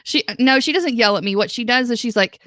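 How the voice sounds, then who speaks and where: A woman's voice: fairly high pitch, fairly quick, fairly bright tone, dry recording. A woman guest co-hosting a live stream, chatting casually, hedging and laughing often. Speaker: co-host guest. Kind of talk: casual chat.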